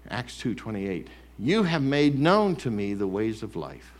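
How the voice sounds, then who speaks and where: A man preaches from a church stage mic, his pitch swinging widely as he builds. He drops to quiet, low lines, then rises loud and high, acting out an accuser's taunts. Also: very animated, unhurried. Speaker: pastor. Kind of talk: sermon. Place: church sanctuary.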